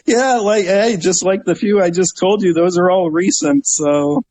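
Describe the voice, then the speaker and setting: A middle-aged man from Northeast Ohio, a guest telling lively stories in a casual interview and acting out the people in them. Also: sits high, unhurried, poor audio. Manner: animated storyteller, acts out voices, laughs often. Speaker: guest, travel website owner.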